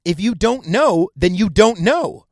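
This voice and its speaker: Heated, profane man ranting in a high voice. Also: expressive, unhurried, no echo, clean studio sound. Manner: stammers and restarts mid-sentence. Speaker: podcast host. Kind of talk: profane solo rant.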